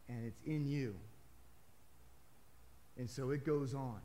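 A man's voice: medium pitch, fairly even intonation, slow pace, long pauses, warm tone. A male pastor preaching a sermon to his congregation in a conversational way, with emphatic rises and casual asides.

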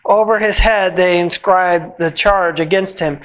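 A church reader giving a measured, solemn reading of scripture at a worship service, slowing at the ends of phrases. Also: medium pitch, fairly even intonation, a bit bright, poor audio.

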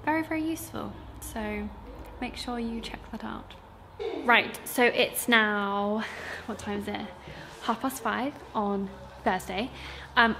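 A young woman who owns and teaches at a sewing school chats casually to camera about her week in a vlog. Her medium-pitched voice is creaky, and she talks in a chatty way full of fillers over a noisy background.

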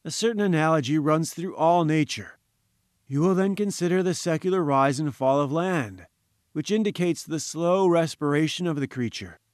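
A man's voice: a little high, lively intonation, moderate pace, no echo, studio quality, natural voice. A man playing a pompous lecturing professor. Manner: patronizing, lecturing, grandiose. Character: pompous, condescending male professor-scientist. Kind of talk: audiobook character voice.

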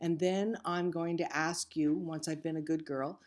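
Candid, emphatic older actress. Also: female voice, low-pitched, steady tone, moderate pace, hardly any pauses, a little mellow. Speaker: guest actress. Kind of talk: casual interview chat.

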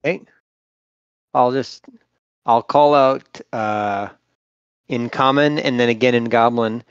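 A man's voice: mid-range voice, slow, clean tone, dry recording, muffled recording. A man playing a character in a tabletop game, friendly and earnest, laying out long explanations. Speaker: player.

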